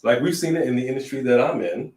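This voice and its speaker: A man co-hosting a casual wrestling chat, animated, riffing and joking. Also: mid-range voice, fast, far from the mic. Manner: animated, sings jokingly, reads in a newscaster voice. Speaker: podcast co-host. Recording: echoey room, off-mic.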